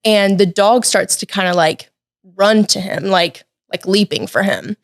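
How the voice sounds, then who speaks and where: A young woman in her late teens, a podcast guest, telling a personal story in a lively, chatty way with lots of "like" and "um". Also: medium pitch, measured pace, gravelly, no echo, clean studio sound. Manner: lively, chatty, many "like" and "um" fillers. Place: podcast studio.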